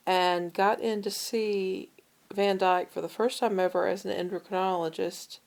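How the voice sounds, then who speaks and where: Gravelly-voiced woman telling a story. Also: mid-range voice. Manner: storytelling, animated when quoting others. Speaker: podcast co-host. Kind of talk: casual chat.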